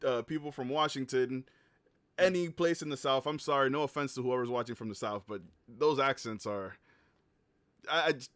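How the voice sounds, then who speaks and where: A man's voice: mid-range voice, normal speed, fairly bright tone, dry recording. A young man co-hosting a podcast, chatting casually and often stumbling over his words. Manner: hesitant, stammering restarts. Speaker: podcast co-host. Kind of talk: casual chat.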